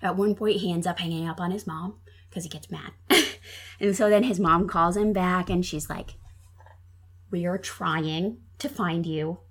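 A Minnesota woman appears as a podcast guest, recounting a true crime case in casual conversation packed with ums and likes. Her voice sits fairly low, with fairly even intonation and a moderate pace.

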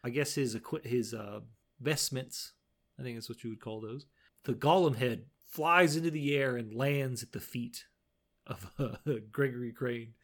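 Laid-back gravelly man recapping a show. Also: medium pitch, moderate pace, fairly bright tone. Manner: laid-back, laughs often, retells scenes with quoted lines. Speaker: podcast co-host recapping an episode. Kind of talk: casual chat.

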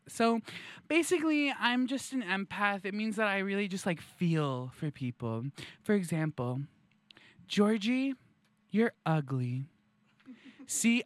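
A man's voice: high-pitched, no room sound, voice pushed up. A man playing a smug pleading empath. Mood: soothing. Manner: soothing, pleading, self-congratulating. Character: smug self-proclaimed male empath, pleading. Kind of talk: comedy sketch.

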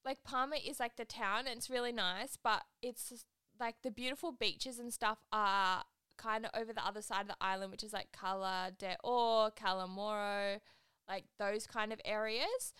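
A woman's voice: mid-range voice, pushed and bright, clear, resonant tone, no room sound. A young woman hosting a solo podcast. She chats and rambles casually, saying "like" constantly. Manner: chatty, rambling, heavy use of "like". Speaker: podcast host.

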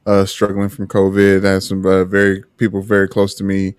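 Low-voiced man, halting casual chat. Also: monotone, clear, resonant tone, no room sound, studio quality. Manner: earnest, halting, repeats himself and restarts. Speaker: podcast co-host.

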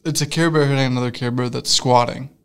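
Young man, co-host, casual comedic chat, giggly, rambling, mid-pitched. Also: fairly even intonation, quick pace, fairly bright tone, clean tone. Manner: giggly, rambling, trails off into mumbles. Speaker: podcast co-host.

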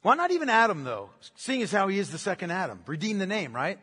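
A man's voice: sits high, sing-song, fast talker, fairly bright tone, husky, big-room sound. A man preaching a sermon as pastor, emphatic, repeating key phrases and asking rhetorical questions.

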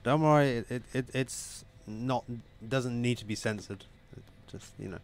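A man telling jokes as a guest on a casual live stream, acting out his characters with lively shifts in voice. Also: normal speed, slight background noise. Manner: animated storyteller, raises pitch for quoted characters. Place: home setup on a live stream.

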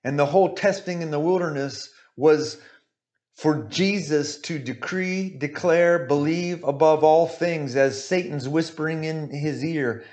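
A male preacher with a fairly high voice delivers an emphatic sermon. He hammers his points through repetition and keeps checking in with "right?" and "okay?". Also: a little slow, darkish tone. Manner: emphatic, repeats points, asks "right?" often.

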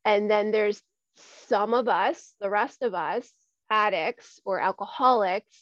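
A woman's voice: medium pitch, slow, a bit bright, no room sound. A woman in her forties, a guest in a conversational interview, talking earnestly and often repeating words as she gathers her thoughts. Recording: dull lo-fi recording.

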